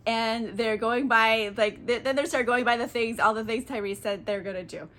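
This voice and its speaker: A woman's voice: a little high, moderate pace, a bit bright. A tipsy woman retelling a classic book as a casual comedic recap, rambling, swearing and giggling. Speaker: book vlogger.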